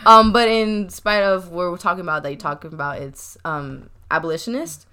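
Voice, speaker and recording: A young woman's bright, crisp voice sits a little low in pitch as she hosts a loose, talkative chat. She laughs easily and keeps addressing listeners as y'all. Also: brisk. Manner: chatty, laughing often, says y'all. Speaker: podcast host. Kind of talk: casual chat.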